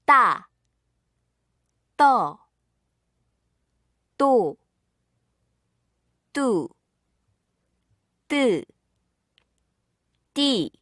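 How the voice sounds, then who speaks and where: A woman sounds out syllables one at a time with very slow, deliberate care. Her pitch lifts and falls in a lively way from sound to sound. The voice is dry and close to the mic. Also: dry recording. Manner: careful, deliberate single syllables. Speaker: pronunciation model speaker.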